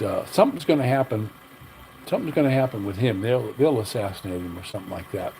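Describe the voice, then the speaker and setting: A man's voice: fairly low pitch, mellow, a little hiss or hum, rough recording. Blunt older man ranting on a livestream. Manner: blunt, opinionated, rambling. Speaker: livestream host. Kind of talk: casual livestream rant.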